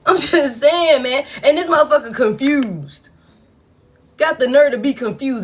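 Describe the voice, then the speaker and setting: A woman, giving a collective tarot reading in a blunt, profane, animated way. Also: high-pitched, unhurried. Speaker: tarot reader.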